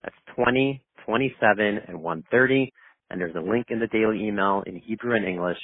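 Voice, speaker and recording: A man hosting a daily prayer call, introducing the speaker in a formal, measured way. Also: fairly low pitch, no room sound. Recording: tinny dry phone line.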